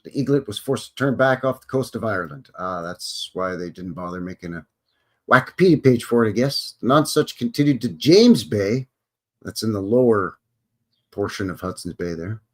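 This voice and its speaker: A man's voice: fairly low pitch, lively intonation, normal speed, a little mellow. A Canadian man hosting a live stream, reading history aloud with sarcastic, joking asides and greeting viewers. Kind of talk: casual commentary while reading aloud.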